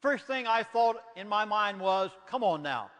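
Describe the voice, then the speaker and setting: A man's voice: sits high, expressive, measured pace, fairly bright tone. An older man with a Southern US accent, giving an urgent, emphatic public lecture in a preacher's cadence. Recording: lecture hall reverb.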